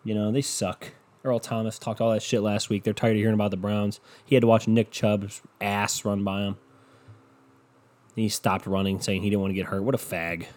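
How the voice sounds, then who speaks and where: In a casual sports rant, a young podcast host with a lowish, darkish voice sarcastically sounds off about football and swears a lot.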